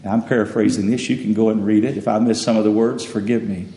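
A male pastor preaching a sermon in a church, halting and repeating words, then swelling to loud emphatic peaks. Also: fairly low pitch, level tone, slight background noise. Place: church sanctuary. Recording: echoey hall with long reverb.

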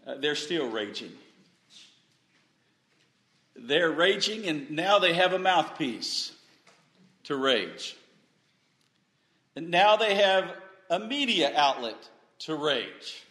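A man preaching a sermon at a slow, deliberate pace in a slightly high voice. He surges to loud emphatic peaks and then sinks to low, quiet asides, stumbling into repeated restarts. The room rings with echo. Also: big pitch swings. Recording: echoey room.

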